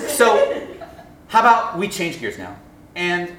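A high-pitched male campus pastor speaks unhurriedly and pauses often as he delivers a sermon story in a lecture room, animatedly acting out each side of the dialogue with laughs. The audio is roomy, with slight hiss or hum.

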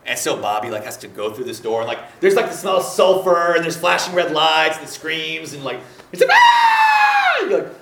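A man telling a story in casual conversation, rambling and animated, laughing often and slipping into voices for the people he quotes. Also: on the high side, fairly quick, hardly any pauses, roomy sound, shouting, far from the mic, noisy background.

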